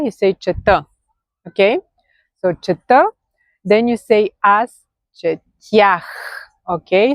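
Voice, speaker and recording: A woman's voice: mid-range voice, darkish tone, dry recording. A woman with a Bulgarian accent teaching a grammar lesson in English, patiently checking in with "okay?". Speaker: language teacher.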